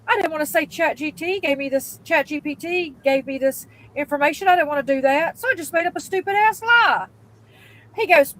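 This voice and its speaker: A woman who works in sales, telling a story casually and acting out each person's lines with quick voice changes and blunt swearing. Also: high voice, poor audio. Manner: animated, acts out dialogue with quick voice changes.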